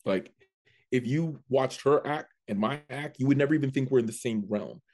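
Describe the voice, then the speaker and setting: Guy telling a wild story on a podcast, middle pitch, keeps restarting his sentences. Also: moderate pace. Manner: animated, repeats and restarts while telling. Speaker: comedian guest. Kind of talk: casual storytelling.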